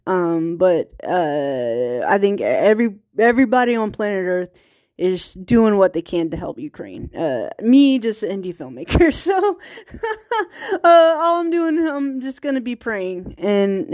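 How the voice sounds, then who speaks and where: A woman from small-town Virginia, speaking with a rural Virginia accent in a mid-range voice, hosts a casual solo podcast. She rambles through her thoughts, restarting often and laughing, in clean studio-quality sound with no room tone.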